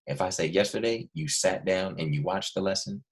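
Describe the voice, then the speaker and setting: A man teaching a recorded lesson to young students, explaining patiently and repeating key points slowly. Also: low voice.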